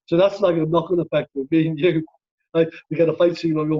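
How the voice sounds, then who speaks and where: A middle-aged Liverpool man with a thick Scouse accent tells a story, quick and animated. His voice sits a touch high and sounds husky. The recording is muffled and lo-fi. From Liverpool, England. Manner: animated, fast-talking, peppers speech with "right?". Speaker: stunt coordinator guest. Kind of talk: casual storytelling chat.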